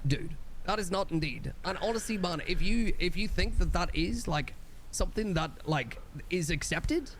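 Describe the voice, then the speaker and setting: High-voiced hesitant man, faint background noise. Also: expressive, moderate pace. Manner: hesitant, defensive. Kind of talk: defensive casual talk.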